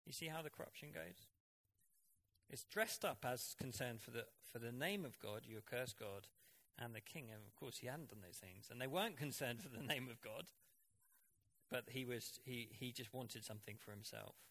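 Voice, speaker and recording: Bright-voiced man preaching. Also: medium pitch, moderate pace. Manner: animated, conversational Bible exposition. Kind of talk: sermon.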